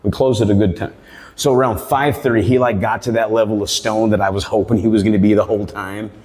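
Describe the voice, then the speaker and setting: A man's voice: fairly low pitch, steady tone, quick pace, darkish tone. Man doing stand-up, rambling profane storyteller, live barbershop show, long reverb. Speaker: stand-up comedian.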